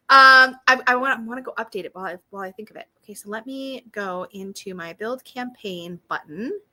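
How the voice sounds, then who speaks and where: A bubbly woman with a lilt hosts a casual live stream, chatting with viewers as she goes. Her voice sits a little high and has a bright, forceful edge. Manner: bubbly, chatty, reads viewer comments aloud. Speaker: creator hosting a live launch stream.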